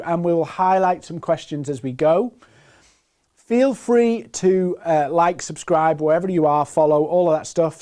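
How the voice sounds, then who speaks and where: A man's voice: high-pitched, mellow. A man from the north of England hosting a live online sales webinar, chatting and greeting viewers by where they are from. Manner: chatty, reads out viewers' names and places. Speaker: webinar host. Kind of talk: live-stream webinar intro. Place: presenting from a home set-up in Plymouth.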